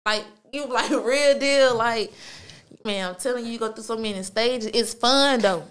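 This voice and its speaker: Woman, casual podcast host, slangy and profane, somewhat high voice, smooth clear tone. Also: moderate pace, fairly bright tone. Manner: laid-back, slangy, heavy cursing, lots of fillers. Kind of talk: casual storytelling monologue.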